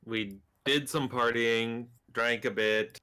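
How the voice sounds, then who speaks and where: A man's voice: medium pitch, steady tone, takes it slowly, sharp tone, smooth. A man playing a tabletop game, talking casually with wry jokes. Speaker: player. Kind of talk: casual chat and in-character play.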